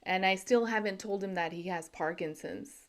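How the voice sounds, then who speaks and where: A young woman performing a stand-up set over a video call, delivering punchlines deadpan and laughing at her own jokes. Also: medium pitch, moderate pace. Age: young adult. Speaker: stand-up comedian. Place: home.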